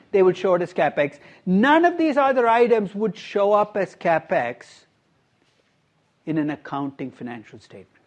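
A middle-aged male professor lectures a class in a slightly high voice that swings widely in pitch. He keeps putting questions to his students and slips in dry, wry asides. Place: university classroom.

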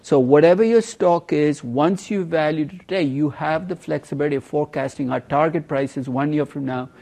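A man teaching a university finance class, emphatic and lively, teasing students with questions. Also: on the high side, normal speed, gravelly. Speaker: finance professor. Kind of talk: university lecture.

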